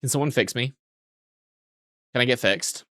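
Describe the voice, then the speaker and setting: A man's voice: mid-range voice, normal speed, pushed and bright, no echo, clean studio sound. A man streaming a video game, rambling in casual commentary, swearing freely and poking fun at himself.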